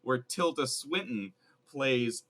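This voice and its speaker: A man's voice: medium pitch, lively intonation, slow pace, fairly bright tone. A man co-hosting a casual movie podcast, loose and jokey, laughing often. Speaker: podcast co-host.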